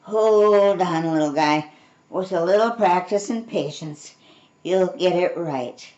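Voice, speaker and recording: A grandmother doing a gentle, low-voiced wildlife keeper. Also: moderate pace, lo-fi sound, natural voice. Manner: soothing, kind. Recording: roomy echo.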